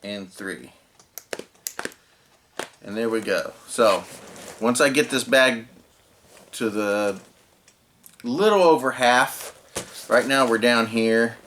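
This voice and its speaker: Male DIY vlogger, casual and rambling, average pitch, light background noise. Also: slow, long pauses. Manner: relaxed, rambling, lots of "uh" and restarts. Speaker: channel host. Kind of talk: casual DIY tutorial narration.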